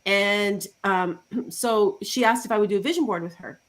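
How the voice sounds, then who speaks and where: Animated woman telling client stories. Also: medium pitch, moderate pace. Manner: animated storytelling with acted quotes. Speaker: life coach guest. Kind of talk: casual interview chat.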